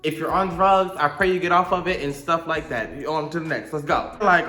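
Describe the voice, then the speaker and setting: A man's voice: on the high side, a little fast, pushed and bright, reverberant. Profane, dramatic young man telling a story. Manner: profane, dramatic, acts out quotes. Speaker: storytime vlogger. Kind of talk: animated storytime monologue.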